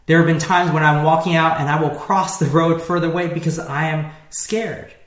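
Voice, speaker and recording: A man's voice: a little high, fairly even intonation, moderate pace. Conversational male pastor, echoey room. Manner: conversational, many fillers and restarts. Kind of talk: sermon.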